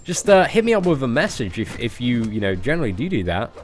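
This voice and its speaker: A man's voice: medium pitch, big pitch swings, quick pace. Chatty English man streaming. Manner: chatty, joking, frequent restarts. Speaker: game streamer. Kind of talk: casual live-stream chat.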